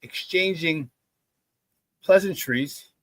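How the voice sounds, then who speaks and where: Greeting viewers and giving the chat shout-outs, this morning sports talk host chats casually with hype-man energy. He speaks slowly in a voice on the high side.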